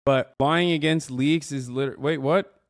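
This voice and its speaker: A man's voice: a little high, fairly even intonation, a little slow, dry recording, clean studio sound. A man in his thirties reacting to a video as a streamer, sarcastic and mocking, ranting with lots of swearing. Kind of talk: casual profane reaction commentary.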